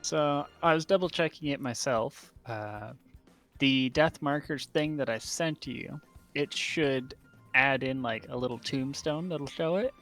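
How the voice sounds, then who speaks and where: A man's voice: medium pitch, a little slow, a bit bright, faint music behind. A man on a voice call, patiently walking a friend through a game tool, with lots of "like" and "uh" fillers. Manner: explaining patiently, with many fillers. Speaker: player helping with game software. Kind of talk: casual explanation.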